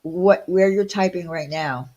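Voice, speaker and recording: A woman's voice: lowish voice, measured pace, warm tone, dull audio. A woman from Long Island, hosting a casual livestream and ranting bluntly with rhetorical questions. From Long Island, New York. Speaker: livestream host.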